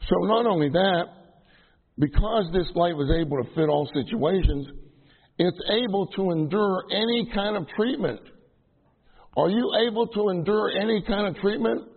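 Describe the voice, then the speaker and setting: A middle-aged man gives a rambling, self-deprecating sermon to a room of trainees. His voice is husky and sits fairly high. The sound is thin and tinny, like a phone line. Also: moderate pace. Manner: chatty, self-deprecating, many fillers and restarts. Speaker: minister teaching trainees. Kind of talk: casual sermon to a live audience.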